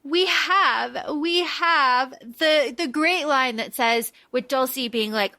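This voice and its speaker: A woman's voice: high-pitched, slow, few pauses, sharp tone. A woman co-hosting a podcast, recapping a movie in casual chat, enthusiastic and laughing as she retells scenes. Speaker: podcast co-host.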